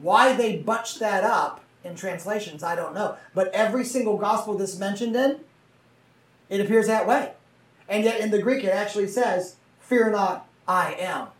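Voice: medium pitch, moderate pace. A Bible teacher reading scripture aloud and explaining it in a conversational way, often checking in with listeners through tag questions. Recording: roomy, mic far from the speaker.

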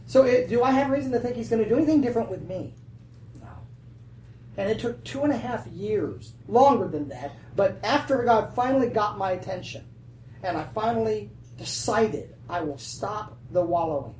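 A woman's voice: medium pitch, moderate pace. Woman preaching in an echoey hall. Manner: animated, laughing, calls for audience response. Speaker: pastor. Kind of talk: sermon. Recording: roomy, distant, faint noise.

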